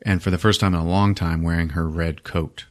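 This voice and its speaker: A man's voice: low voice, brisk. A man hosting a podcast, recapping a movie casually with lots of swearing and 'like'. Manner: animated, profane, full of 'like'. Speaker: podcast host.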